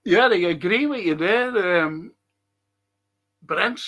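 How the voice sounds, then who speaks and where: A man's voice: high voice, expressive, takes it slowly, fairly bright tone. A middle-aged man with a Liverpool accent, hosting a casual live-stream chat, chatty and opinionated as he reads out viewer comments. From England. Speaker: host.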